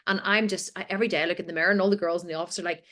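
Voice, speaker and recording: A woman hosting a group video call, bubbly and excitable, chatting and cheering her guests on. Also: lowish voice, rapid-fire. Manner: bubbly, excitable, acts out quotes loudly. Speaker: host.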